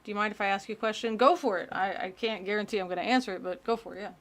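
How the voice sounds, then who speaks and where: Brief: woman streamer, casual rambling reaction chat, quick jokes. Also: mid-range voice, a bit bright. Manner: chatty, joking, rambling asides.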